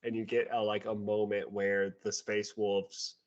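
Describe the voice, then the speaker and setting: A man's voice: fairly low pitch, flat delivery, measured pace. A man co-hosting a casual book review podcast, talking sarcastically and mimicking characters as he retells scenes. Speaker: podcast co-host. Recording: dull lo-fi audio.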